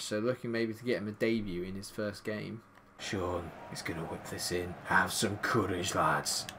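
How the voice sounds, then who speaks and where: A man casually commentating his own football video game, muttering through menus and yelping high when chances come. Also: slight background noise. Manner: swings from quiet mumbling to excited high-pitched yelps at goals. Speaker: gaming commentator.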